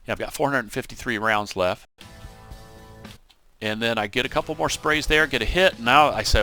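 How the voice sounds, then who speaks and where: A man with a bright, forward voice talks through recorded flight-sim footage in a loose, chatty way. He tells the story with animation, jumping up to act out the radio calls, and a faint bed of music sits underneath. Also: medium pitch, normal speed. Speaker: gaming channel host. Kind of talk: casual gameplay commentary.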